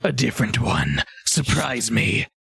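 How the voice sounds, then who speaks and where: A man's voice: medium pitch, big pitch swings, measured pace, gravelly, fairly bright tone, breathy edge, no room sound, full character voice. A man voicing a tall, smirking male ogre trader who talks in a dry, mocking way.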